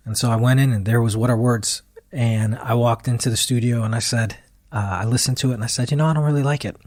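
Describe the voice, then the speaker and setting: A man's voice: mid-range voice, a little fast, dry recording, clean studio sound. A man in his thirties, a guest musician, telling a long story in an interview and acting out what people said to him. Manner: animated retelling that acts out quoted dialogue.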